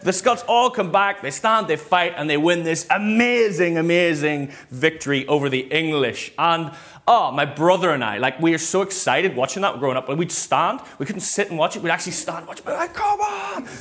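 A male preacher delivering a casual, storytelling sermon. He talks in an animated way with frequent fillers, and his voice sits a little high for a man. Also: fairly quick.

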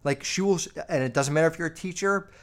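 A man with a fairly high-pitched voice rambles through personal stories on his podcast. He swears freely and leans on lots of "like" fillers, loose and unscripted. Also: fast talker. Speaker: podcast host. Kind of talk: casual storytelling.

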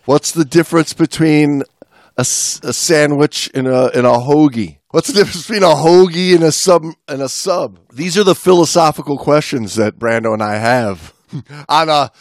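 A man's voice: a little high, moderate pace, no room sound, studio quality. A man co-hosting a podcast, chatting casually and joking between book passages. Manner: joking, reads quotes with a mock French flair. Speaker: podcast co-host. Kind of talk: casual chat, reading book passages aloud.

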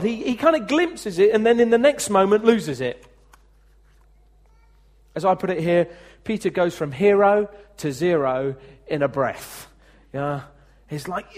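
A man's voice: sits high, unhurried, pauses often. A man preaching a sermon as pastor, talking conversationally, asking the congregation questions, and acting out the speech he quotes. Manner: lively, acts out quoted speech.

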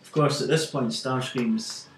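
A man's voice: medium pitch, a little slow. Man animatedly retelling a comic. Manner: animated storyteller, frequent fillers. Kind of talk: casual chat, retelling comics. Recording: echoey room with faint music.

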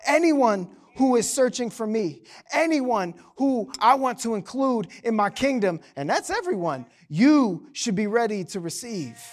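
Male pastor, very high voice, animated sermon delivery with playful asides. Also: unhurried, few pauses. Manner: animated, joking asides to the congregation.

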